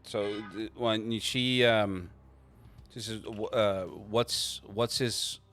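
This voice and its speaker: A man narrating a tabletop game as game master, halting with frequent restarts. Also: on the low side, steady tone, fairly bright tone, soft background music. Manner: halting, lots of restarts and fillers.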